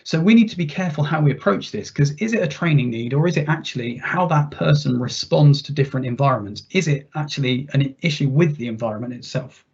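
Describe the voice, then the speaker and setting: A man's voice: on the high side, lively intonation, fast, gravelly, few pauses, darkish tone, breathy edge. A man presenting a workplace training webinar in a conversational way, with restarts and rhetorical questions. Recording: dull, muffled webinar audio.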